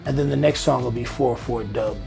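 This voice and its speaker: A middle-aged man from Miami, a guest in an interview, telling stories in an animated way and laughing easily. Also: mid-range voice, fairly quick, creaky, over music. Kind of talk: casual interview chat.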